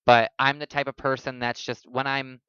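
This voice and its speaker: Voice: medium pitch, level tone, normal speed, fairly bright tone, clean tone, no room sound, lo-fi sound. A podcast host in casual chat, telling stories in a blunt, jokey, profane way.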